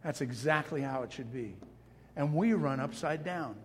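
A man's voice: a little high, moderate pace. A male pastor delivering a sermon, passionate and emphatic, with self-deprecating asides. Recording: long hall reverb.

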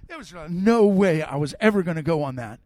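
A middle-aged man preaching a sermon, telling personal stories in an animated way that swings from loud to soft. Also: on the high side, brisk, no echo, studio quality. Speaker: pastor.

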